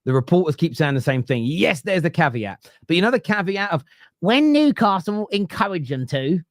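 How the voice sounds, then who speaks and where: A man's voice: high-pitched, big pitch swings, moderate pace, dry recording, studio quality. A man hosting a football podcast, ranting casually with swearing, digressions and mocking asides. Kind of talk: casual opinionated rant.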